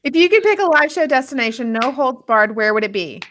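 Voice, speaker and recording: Woman, bright voice, fairly high pitch, reads listener questions, brisk. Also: expressive, a little hiss or hum. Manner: brisk, reads with filler "um, okay". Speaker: producer reading listener questions. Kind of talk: reading questions aloud.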